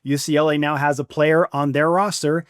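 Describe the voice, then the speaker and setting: A man hosting a podcast, telling stories in an animated way and giving firm opinions. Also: fairly high pitch, normal speed, smooth, no echo, clean studio sound. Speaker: podcast host. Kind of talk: casual chat.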